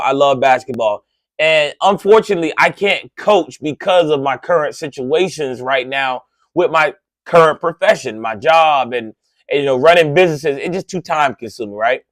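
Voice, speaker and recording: A man who hosts a radio show, telling a story in an animated monologue, slangy and excitable, often tossing in "right?" asides and getting loud and high when worked up. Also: no echo. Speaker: radio host.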